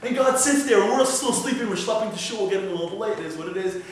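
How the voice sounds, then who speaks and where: A man tells a lively, dramatic story-sermon in a casual, conversational way, throwing rhetorical questions at his listeners. His voice sits a touch high and comes from well away from the mic, washing around a very echoey hall with faint noise beneath. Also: quick pace, recorded from a distance. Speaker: guest speaker. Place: synagogue sanctuary.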